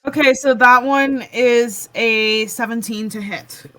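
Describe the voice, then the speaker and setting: A woman's voice: a little high, steady tone, slow pace, sharp tone, rough recording. A woman running a tabletop game as game master, giggly and full of ums.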